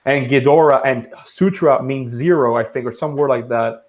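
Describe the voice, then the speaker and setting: A man's voice: mid-range voice, normal speed. A man chatting on a fan discussion stream, enthusiastic, humming and imitating movie music as he talks.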